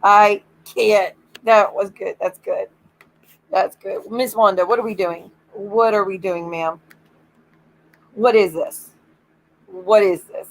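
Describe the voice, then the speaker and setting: A woman's voice: medium pitch, fairly even intonation, takes it slowly, long pauses, a little hiss or hum, poor audio. A woman hosting a livestream, telling gossip in a casual, chatty way, acting out what others said and swearing freely, often breaking into giggles. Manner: gossipy storytelling, acts out quoted lines, swears freely. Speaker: livestream host. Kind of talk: casual chat.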